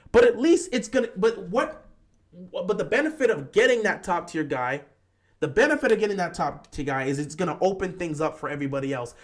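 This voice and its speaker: A man hosting a live-stream football talk show, greeting viewers and arguing his points animatedly. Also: high-pitched.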